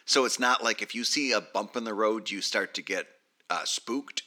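A man's voice: lowish voice, moderate pace, pushed and bright. A man co-hosting a webcomics podcast, chatting casually and joking playfully about how words are pronounced. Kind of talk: casual chat.

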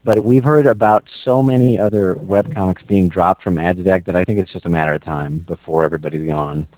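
A man co-hosting a casual podcast chat, jokey and quick to laugh. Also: low voice, steady tone, a little mellow, no room sound, low-quality recording. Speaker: podcast co-host.

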